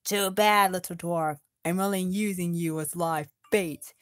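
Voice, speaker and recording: A woman doing a low, taunting orc villain. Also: steady tone, measured pace, no echo, studio quality, natural voice. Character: menacing male orc chieftain, cruel.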